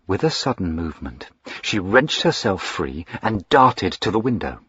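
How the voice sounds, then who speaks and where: A male audiobook narrator with a deep, husky voice reading slowly and dramatically. The sound is dry and close, with a dull lo-fi quality. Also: very animated, fairly bright tone, no room sound. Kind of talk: scripted narration of a period novel. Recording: dull lo-fi recording.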